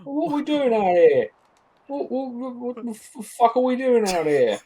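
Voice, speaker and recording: A streamer putting on a mock Cockney accent to play a brash young girl adventurer, loud and exaggerated. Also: medium pitch, big pitch swings, moderate pace, breathy edge, voice pushed up. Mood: startled.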